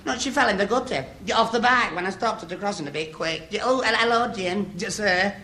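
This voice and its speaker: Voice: mid-range voice, fairly quick, pushed and bright. An actor playing an awkward, stammering young lad in a 1960s radio sitcom. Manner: stammering, tongue-tied. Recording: roomy, noisy old radio recording.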